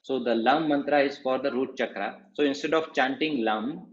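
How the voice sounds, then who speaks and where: Guy explaining chanting step by step, kinda muffled and echoey. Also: medium pitch. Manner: slow, patient explaining with repetitions. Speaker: meditation teacher. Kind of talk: spoken lesson on chanting. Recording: dull, roomy sound.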